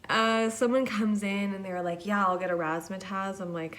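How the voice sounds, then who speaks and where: A woman's voice: mid-range voice, unhurried, pauses often, fairly bright tone. A young woman hosting a podcast, telling a rambling, profane, self-deprecating story in a casual monologue. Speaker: podcast host.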